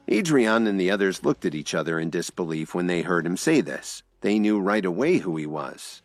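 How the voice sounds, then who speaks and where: Deep-voiced male audio drama narrator. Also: normal speed, hardly any pauses, no echo, soft background music. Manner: expressive storytelling.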